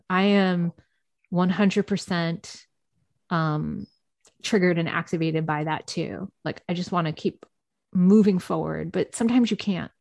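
A woman's voice: on the low side, a little mellow, no echo. Earnest woman giving spiritual advice. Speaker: guest, spiritual practitioner. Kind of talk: casual conversation.

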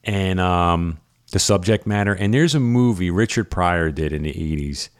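A man's voice: sits low, expressive, normal speed, smooth. A man co-hosting a casual chat, a real estate agent who tells stories animatedly and laughs at his own anecdotes.

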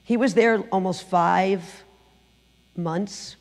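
A middle-aged woman sharing her personal testimony in church, telling the story with lively acted-out quotes. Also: medium pitch, very slow, long reverb tail. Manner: animated storytelling, acting out quotes. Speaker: guest speaker giving testimony. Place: church sanctuary.

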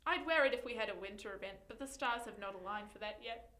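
A young woman co-hosting a podcast in casual chat, animated and giggly, often reading posts aloud. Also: medium pitch, quick pace, echoey room. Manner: giggly, animated, breaks into loud laughter. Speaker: podcast co-host.

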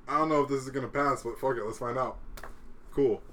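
A man's voice: mid-range voice, a little fast, a bit bright, slight background noise. A man casually telling a profane, laid-back story among friends, acting out the people in it.

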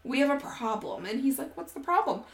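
She talks a little fast in a high voice with vocal fry, co-hosting a podcast and relating a story in casual chat. Animated and freely profane, she acts out each bit of dialogue, and a roomy echo colors the audio.

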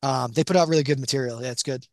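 Fast-talking young man, dry mic. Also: mid-range voice, a little mellow, no room sound. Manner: quick, hesitant with repeated restarts. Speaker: podcast co-host. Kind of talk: casual chat.

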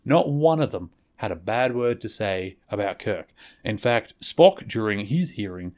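A man's voice: lowish voice, expressive, measured pace, a little mellow. A man hosting a podcast, recapping a television episode in a rambling, conversational way and correcting himself as he goes. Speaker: podcast host.

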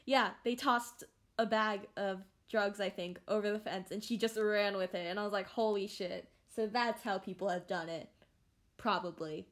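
A young woman chats on her own podcast in a loose, rambling way. She restarts sentences and fills pauses constantly, her voice sitting at an ordinary middle pitch. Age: young adult. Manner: rambling and animated, many fillers and restarts. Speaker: podcast host. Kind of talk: casual solo podcast chat.

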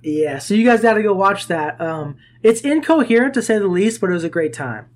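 Laid-back podcast host guy, kinda high voice, easy chatter. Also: lively intonation, a little fast. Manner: easygoing, reads sponsor plugs, laughs along. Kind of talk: casual chat.

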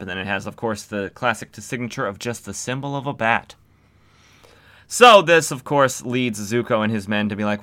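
A man's voice: fairly low pitch, normal speed, sharp tone. A young man casually recapping old comics as a podcast host, with wry, sarcastic asides.

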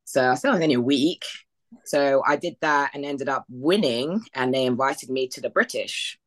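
A woman's voice: extremely low pitch, moderate pace. A woman from the United Kingdom, a podcast guest, telling her story casually and acting out past conversations with lots of fillers. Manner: retells past conversations in quoted voices, with frequent fillers and laughs. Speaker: podcast guest, bodybuilding athlete.

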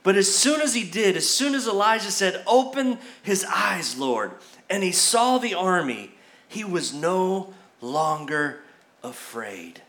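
A man's voice: animated, measured pace, a bit bright. A man preaching a sermon as pastor at a church service, talking in a conversational way with frequent restarts, and acting out the people he quotes. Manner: acts out quoted voices with rising pitch.

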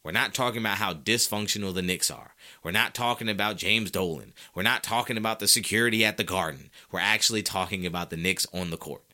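A man's voice: lowish voice, quick pace, hardly any pauses. A man hosting a solo sports talk show, arguing his points with rhetorical questions and casual slang aimed straight at his listeners. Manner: animated, argumentative, asks rhetorical questions.

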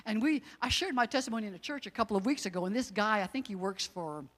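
Middle-aged woman, casual testimony storyteller, animated, mid pitch, recorded with a reverb tail. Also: quick pace. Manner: animated, emotional, religious exclamations. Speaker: guest sharing a testimony.

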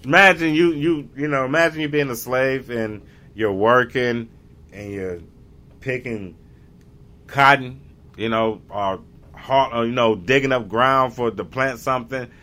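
A man's voice: medium pitch, unhurried, bright, forceful tone. A man in a casual, rambling monologue, often restarting and groping for the right word. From United States. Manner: rambling, gropes for words with many restarts. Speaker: vlogger.

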